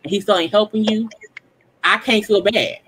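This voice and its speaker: Blunt woman panelist, middle pitch. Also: moderate pace, fairly bright tone, slightly rough, low-quality recording. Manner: blunt, swears freely. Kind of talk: casual group chat.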